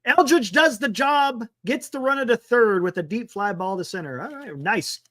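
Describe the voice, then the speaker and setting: A man hosting a sports talk livestream, rambling casually and thinking out loud, with some mild swearing. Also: extremely high pitch, expressive, moderate pace.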